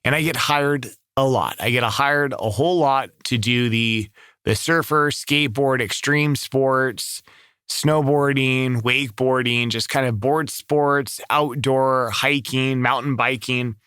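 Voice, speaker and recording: Man, Southern Californian accent, laid-back rambling chat, bright tone, dry close studio mic. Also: medium pitch, measured pace, clean tone, dry recording. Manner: relaxed, rambling, with many restarts. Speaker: voice-over artist. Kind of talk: casual talk to camera.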